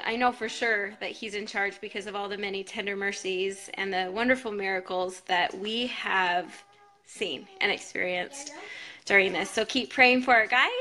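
A woman talking earnestly to supporters on a phone livestream from home, chatty and warm in her storytelling. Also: a little high. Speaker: wife giving a family update to supporters. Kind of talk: casual livestream talk.

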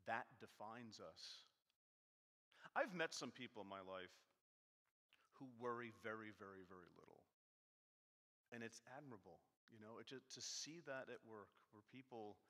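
A man preaching a casual, self-deprecating sermon with a bright, forceful tone. His voice rings out with long reverb through a church sanctuary, and he acts out his points by arguing with his text. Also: mid-range voice. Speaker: guest preacher. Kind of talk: conversational sermon.

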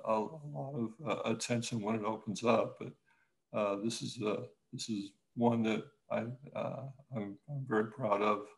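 A man, an architect, talking casually in an interview, halting with many restarts and growing lively when he tells a story. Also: on the low side, vocal fry, low-quality recording. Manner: halting, many restarts and fillers, animated when telling stories.

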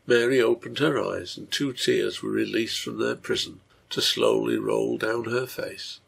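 A man reading his own translation of a serialized novel aloud, in steady storybook narration. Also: mid-range voice, unhurried, gravelly, husky.

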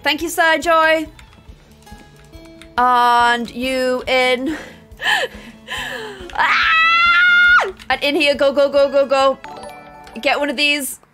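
A young woman streaming a game live, chattering excitably and getting flustered, reading out chat messages between plays. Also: high voice, takes it slowly, pauses often, faint music behind. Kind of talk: live gameplay commentary.

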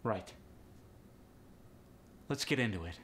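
Male host of an accent tutorial, unhurried and playful. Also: lowish voice, animated. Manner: jokey, teasing, upbeat. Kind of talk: instructional video lesson.

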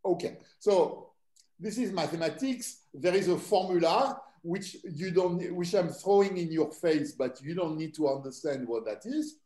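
An older man from southern France with a French accent, a mathematics professor lecturing to students in a relaxed, hesitant way full of fillers. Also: fairly high pitch, unhurried. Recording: echoey room.

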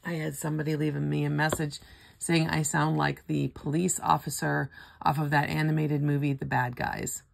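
Older lady w a hoarse gravelly voice, kinda low, reading off lotto symbols real slow. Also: little pitch movement, slight background noise. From Florida. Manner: slowly calls out ticket symbols one by one, chatty asides. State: hoarse, throat not cooperating. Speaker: scratch-off ticket vlogger. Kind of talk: casual running commentary.

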